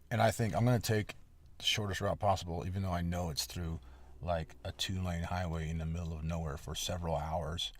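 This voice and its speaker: Low-voiced man telling a story, swearing. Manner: candid, frequent swearing, rambling asides; lively, emphatic retelling. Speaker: podcast host. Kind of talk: casual storytelling monologue.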